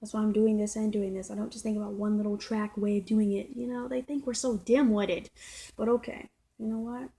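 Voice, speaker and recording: A woman's voice: medium pitch, level tone, a little fast, gravelly, warm tone, poor audio. A woman vlogging in a casual, emphatic monologue, repeating and circling back over her points. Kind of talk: casual ranting monologue to viewers.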